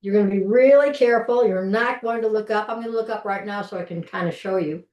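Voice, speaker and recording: A woman's voice: medium pitch, quick pace, darkish tone, dull audio. A middle-aged woman leading a live online cooking class from her home kitchen, talking in a folksy, chatty way and often restarting her sentences while she works. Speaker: cooking instructor. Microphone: video call from a distance. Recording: roomy kitchen, mic far off.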